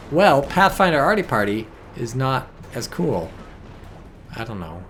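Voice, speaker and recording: A man giving casual, excitable commentary on a strategy game, swearing and reading chat aloud. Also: mid-range voice, measured pace, a little hiss or hum. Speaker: game caster.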